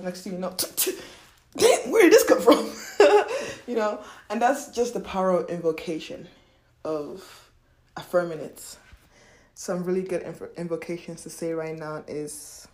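A woman giving a casual motivational monologue, swearing freely and laughing often. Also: on the low side. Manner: animated, profane, laughs often. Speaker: self-help speaker. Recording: roomy echo.

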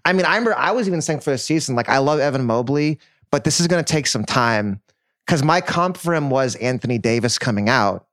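A man co-hosting a podcast in a casual, enthusiastic way, building his case with stats and comparisons. His voice sits at a middle pitch and the sound is close and dry, with no room echo. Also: expressive, fairly quick, fairly bright tone. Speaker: podcast co-host. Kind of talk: casual basketball chat.

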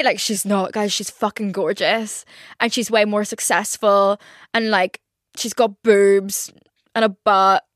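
Young woman host, somewhat high voice, dry close sound, rambling and sweary confessional chat. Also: fairly bright tone, no echo. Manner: rambling, filler-heavy, sweary. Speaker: podcast host. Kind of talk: casual confessional monologue.

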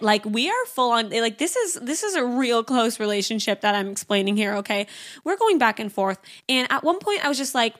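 A woman's voice: on the high side, sing-song, fairly quick, a bit bright. Chatty young woman telling a frank story. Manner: candid and chatty, heavy use of "like"; blunt, frank about awkward topics. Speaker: podcast host. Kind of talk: casual storytelling monologue.

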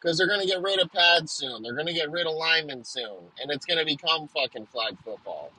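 A man's voice: on the high side, expressive, a little fast, pushed and bright, husky, low-quality recording. A young man ranting in a profane comedic monologue, riffing crudely with frequent restarts.

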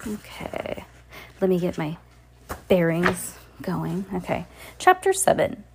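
A woman's voice: fairly low pitch, lively intonation, unhurried, gravelly, slight background noise. A woman hosting a kids' reading podcast, reading a storybook aloud with playful asides to a child. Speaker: podcast host reading to kids.

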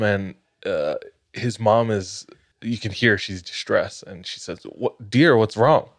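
A man with a very low voice tells a creepy story at a slow, even pace. His delivery is measured and builds suspense. The recording is dry and close. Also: dry recording. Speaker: podcast host, storyteller. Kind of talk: casual storytelling.

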